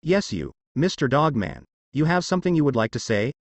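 A man's voice: medium pitch, sing-song, fairly quick, no room sound. A man reading the part of a wise, dry, self-important talking head. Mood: grand.

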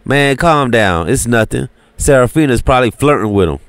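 A man voicing a calm, unbothered crew leader who gives orders in an easy, low-key way. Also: moderate pace, no echo, close to an everyday voice. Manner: calm, laid-back, commanding.

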